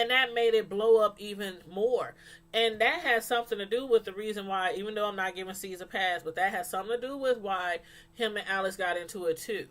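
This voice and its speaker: A woman reviewing a TV show in casual chat, rambling, animated and full of fillers. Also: medium pitch, a little fast. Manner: animated, acts out quotes from the show; loose, rambling delivery with many fillers.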